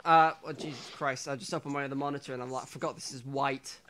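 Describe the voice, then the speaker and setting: A man's voice: medium pitch, steady tone, fast, crowd noise. A man co-hosting a podcast in casual chat, rambling and restarting his sentences, swearing casually. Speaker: podcast co-host.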